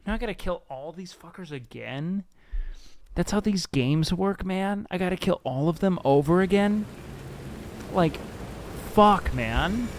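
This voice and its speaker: A man's voice: high voice, lively intonation, measured pace, slight background noise. A man streaming a game and chatting casually, joking and sarcastic, swearing freely. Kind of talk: casual gaming stream chat.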